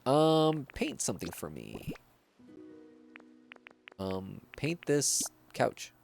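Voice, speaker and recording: A man's voice: medium pitch, wildly swooping pitch, drawn-out words, creaky, pauses often, darkish tone, faint music behind. A man streaming a video game, chatting casually and reacting to viewer messages. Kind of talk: casual gameplay livestream chat.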